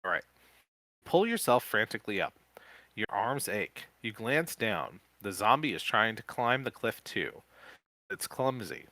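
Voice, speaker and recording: A man co-hosting a podcast, reading a gamebook aloud live in a casual way, with quick joking asides. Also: on the low side, very animated, pushed and bright, dry recording.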